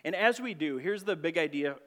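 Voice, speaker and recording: A pastor preaching a conversational, earnest sermon in church, asking rhetorical questions. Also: male voice, fairly high pitch, expressive, fairly quick, a bit bright.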